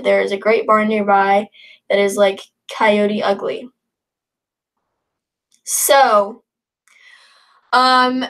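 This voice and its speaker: A woman's voice: a little high, a bit bright. A young woman in her late teens hosting a casual livestream, reading viewer comments aloud and rambling in an upbeat, chatty way. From northern United States. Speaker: livestream host.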